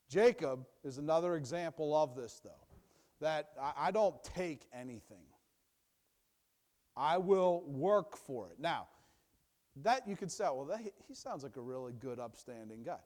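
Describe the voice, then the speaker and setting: Emphatic, fairly high-voiced male preacher. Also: expressive, a little slow. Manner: emphatic, repetitive, dips low and quiet for asides. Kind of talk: sermon, Bible teaching.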